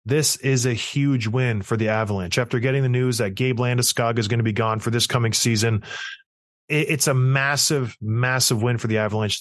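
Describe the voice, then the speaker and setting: A man co-hosting a casual hockey podcast, telling stories in an animated, ranting way. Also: mid-range voice, no room sound, clean studio sound. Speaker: podcast co-host.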